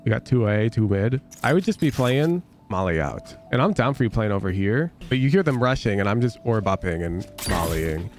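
A man's voice: lowish voice, expressive, normal speed, hardly any pauses. A man coaching over a gameplay review, blunt and emphatic, casual and sweary, repeating phrases for sarcastic effect. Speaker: game coach.

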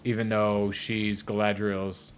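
A man's voice: fairly low pitch, flat delivery, takes it slowly, smooth. A young man hosting a casual reaction chat while gaming, loose and profane, laughing often. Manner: loose, profane, laughs often, slips into exaggerated quoted voices. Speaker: YouTube host reacting to a video while gaming.

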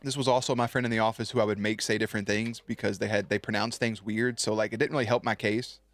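A man's voice: lowish voice, level tone, quick pace, fairly bright tone, no room sound, faint music behind. A man streaming live, chatting loosely and swearing as he tells a story to his viewers, with many restarts.

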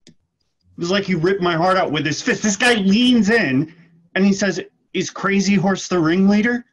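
A man's voice: high voice, normal speed, highs cut off. A man playing a desperate young man who tells his sister of his arrest, delivering the monologue rawly in acting class. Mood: fired up. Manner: raw, intense, driven monologue delivery. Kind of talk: scene work in an acting class.

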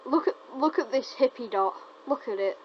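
Teasing gamer, dull lo-fi sound. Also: female voice, sits high, moderate pace. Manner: teasing, excitable, stumbling over words. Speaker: gameplay commentator. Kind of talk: casual live gameplay commentary. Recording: dull lo-fi recording with faint noise.

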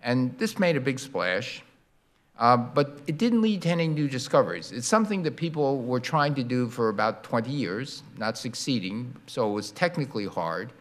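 Older man giving a lively lecture. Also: mid-range voice, moderate pace. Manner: animated, acts out sounds and demonstrations. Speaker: guest lecturer. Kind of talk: university public lecture. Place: lecture hall.

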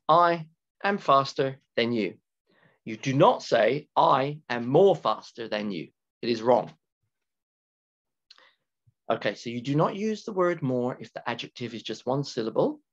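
A man teaching an English grammar lesson to students, talking slowly and deliberately, repeating key words and stretching them for emphasis. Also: medium pitch, expressive, fairly bright tone. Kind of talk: recorded classroom grammar lecture. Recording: dull lo-fi lecture recording with keyboard typing.

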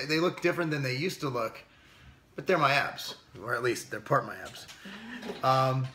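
A man's voice: a little high, background noise. A middle-aged man vlogging casually about his meals, blunt and joking, with some swearing. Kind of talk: casual vlog narration.

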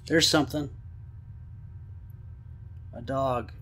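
A man giving excitable let's-play commentary on a horror game, swearing and talking to the game. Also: on the high side, slow pace, pauses often. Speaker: gamer.

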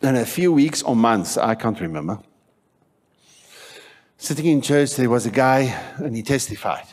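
A South African man preaching a sermon in church, telling stories with animated acted-out voices and shouting for emphasis. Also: medium pitch, normal speed. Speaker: pastor.

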